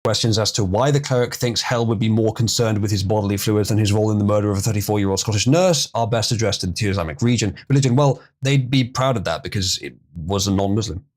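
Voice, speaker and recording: A man's voice: fairly low pitch, fast talker, hardly any pauses. A man hosting a livestream, reading an article aloud and breaking in with sarcastic, crude remarks. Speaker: livestream host.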